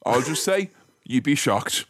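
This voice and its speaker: A man co-hosting a casual film podcast, joking and throwing in quick asides. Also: mid-range voice, no echo, studio quality. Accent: English. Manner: animated, jokey, quick asides. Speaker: podcast co-host.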